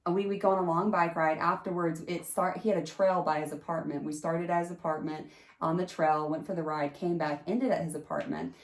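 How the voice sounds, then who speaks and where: Host, female, lower voice, lively storyteller, roomy sound. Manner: animated, jumps into high pitch acting out quotes. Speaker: podcast host telling a personal story. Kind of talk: casual storytelling.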